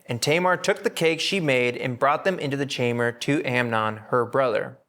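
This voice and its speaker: A man's voice: medium pitch, moderate pace, few pauses, a bit bright. A man teaching a Bible study to a live group, talking casually and acting out the characters' lines in everyday slang.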